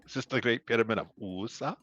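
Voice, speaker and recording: A man's voice: medium pitch, fast talker, a bit bright, dry recording, dull audio, soft background music, lightly acted. A man voicing a humble male traveler who speaks formally and courteously in a put-on accent. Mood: polite, fawning. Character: overly polite male traveler, bowing, humble.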